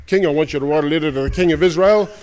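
A man's voice: fairly high pitch, racing, darkish tone, big-room sound, lightly acted. A man voicing a proud, blunt army captain. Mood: indignant.

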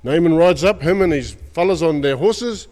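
A man's voice: fairly high pitch, moderate pace, darkish tone, long reverb tail. A man with an Australian accent preaching a sermon, retelling stories in colloquial slang and acting out the characters. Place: church.

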